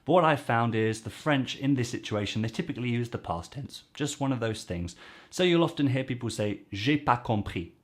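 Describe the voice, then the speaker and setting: A man teaching language phrases to camera in a chatty way, repeating each phrase slowly for practice. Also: medium pitch, animated. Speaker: French teacher.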